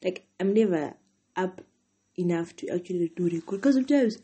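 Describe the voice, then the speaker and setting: A woman's voice: lowish voice, lively intonation, normal speed, mellow, breathy edge. A young woman hosting a casual solo podcast. She sounds tired and chatty, rambling with lots of "like" between thoughts. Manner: chatty, rambling, heavy use of "like". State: tired, yawning. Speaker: podcast host.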